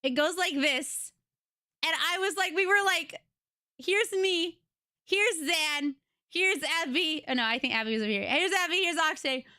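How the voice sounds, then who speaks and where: A young adult woman livestreamer chatting casually with her audience, excitable and giggly as she tells stories. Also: very high voice, moderate pace, no echo, clean studio sound. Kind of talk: casual chat with a live audience. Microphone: desk microphone.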